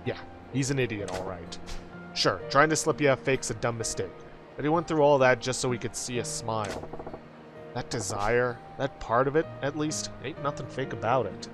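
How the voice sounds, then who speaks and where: A man's voice: mid-range voice, moderate pace, music in the background, lightly acted. A man voicing a brash gangster who talks bluntly in a streetwise way, reading game lines aloud. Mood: lecturing.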